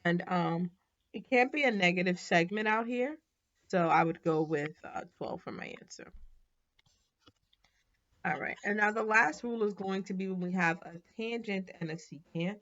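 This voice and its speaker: Working through math problems, a woman thinks aloud and corrects herself, keeping the lesson casual and relaxed. She has a mid-range voice and speaks at a moderate pace, though the audio is dull.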